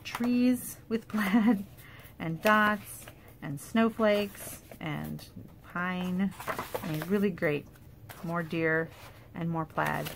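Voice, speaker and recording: A woman casually showing off paper craft products in a chatty, enthusiastic way, with fillers and quick asides. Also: lowish voice, vocal fry, background noise. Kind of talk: casual product show-and-tell.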